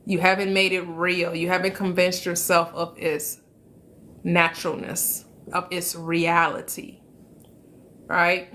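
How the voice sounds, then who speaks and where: A woman hosting a live stream in an easygoing, chatty way, greeting viewers by name. She speaks slowly and unhurriedly, and her voice is bright and forward. She repeats phrases for emphasis and laughs often. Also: lowish voice, flat delivery, slight background noise. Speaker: host. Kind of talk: casual live-stream chat.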